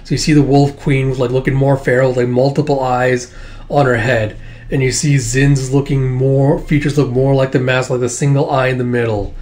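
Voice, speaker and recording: A man's voice: medium pitch, flat delivery, moderate pace, darkish tone. A man casually reading a comic aloud, rambling with many fillers and the odd swear. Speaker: comic book reader and reviewer. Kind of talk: casual read-along of a comic.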